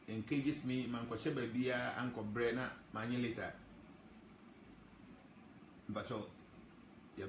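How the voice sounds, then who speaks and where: Male preacher, slightly high voice, emphatic drawn-out delivery, roomy recording with faint noise. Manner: emphatic, drawn-out phrasing, chuckles between points. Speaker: spiritual teacher. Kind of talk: sermon.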